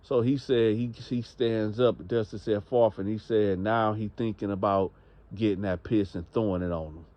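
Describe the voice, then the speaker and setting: A man's voice: fairly low pitch, fairly even intonation, normal speed, dry recording, highs cut off. A man narrating a story in a loose, slangy, conversational way.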